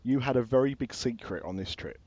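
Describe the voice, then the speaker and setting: A man's voice: mid-range voice, a little fast, dark tone, no echo. A man hosting a podcast, joking and asking questions, often repeating words as he goes. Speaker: podcast host. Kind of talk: casual chat, interviewing. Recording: dry, slightly muffled podcast audio.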